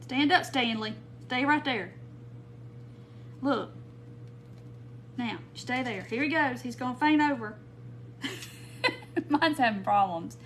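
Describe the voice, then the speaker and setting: A woman's voice: high voice, animated, takes it slowly, pauses often, fairly bright tone, a little hiss or hum. A woman hosting a casual live-stream craft demo, chatty and gushing as she reads viewer comments aloud. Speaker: craft tutorial host.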